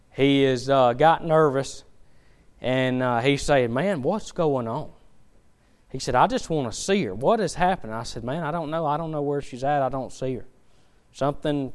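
A young man preaching a sermon, moving from quiet storytelling to rising, fervent appeals. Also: medium pitch, clean tone.

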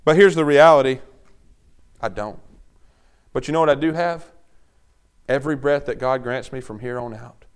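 A man preaching a sermon, moving from quiet teaching to loud, urgent exhortation. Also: mid-range voice, normal speed, long pauses, clear, resonant tone.

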